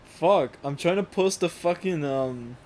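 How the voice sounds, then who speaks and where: Joking young man, a bit high. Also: a little slow, a little mellow, slight background noise. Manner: swearing, loose and joking. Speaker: let's play host. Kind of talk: casual chat over gameplay.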